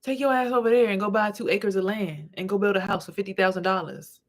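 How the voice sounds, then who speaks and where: In a casual monologue to camera, a vlogger and spiritual reader tells stories bluntly and with lots of profanity. She speaks fast in a steady tone at a medium pitch.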